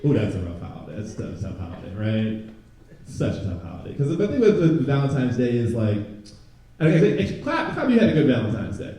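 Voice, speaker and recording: A young man performing a stand-up comedy set, chatting with the crowd and jumping into loud mocking voices. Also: mid-range voice, huge pitch swings, quick pace. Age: young adult. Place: comedy club stage before a live audience. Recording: very echoey room, from a distance.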